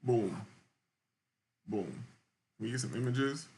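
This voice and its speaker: A man's voice: mid-range voice, slow, darkish tone. A young man telling a loose, slangy story in casual podcast chat, often checking in with the listener. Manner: loose and slangy, keeps asking "you feel me". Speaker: podcast host.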